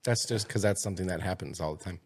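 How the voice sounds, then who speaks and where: A man's voice: low-pitched, fast talker, darkish tone, slightly rough. A young man co-hosting a casual podcast, mostly giving short replies and dry jokes. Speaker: podcast co-host.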